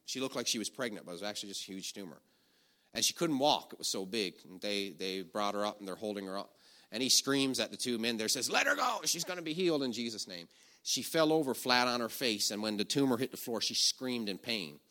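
A man preaching a sermon, telling a story with animated energy, shouting the quoted commands and dropping low for asides. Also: brisk.

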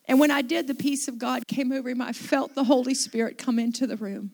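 A woman's voice: high-pitched, steady tone, fairly quick, creaky, few pauses, darkish tone. A middle-aged woman pastor telling a story in a conversational sermon, with restarts and asides.

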